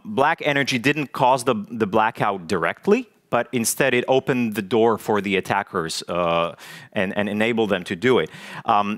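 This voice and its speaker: A man giving a technical talk at a conference, in a medium-pitched voice. His delivery is halting, full of fillers and repeated words as he works through each point. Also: fairly bright tone. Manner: halting, many fillers and restarts. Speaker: conference speaker. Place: conference stage.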